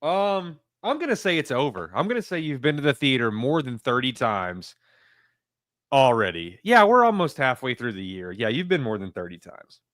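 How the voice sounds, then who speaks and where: A man co-hosting a casual live stream, jokey and quick to swear or apologize. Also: mid-range voice, big pitch swings, fairly bright tone, no echo, studio quality.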